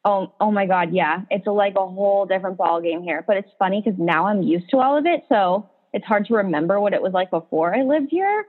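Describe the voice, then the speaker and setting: A young woman chats in a casual podcast conversation, piling on "like" as her story rolls along. Her voice comes through narrow and tinny, like a phone line. Her pitch sits in a middle range. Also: expressive, a little fast, few pauses. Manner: chatty storyteller, heavy "like" filler. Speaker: podcast host. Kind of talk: casual chat.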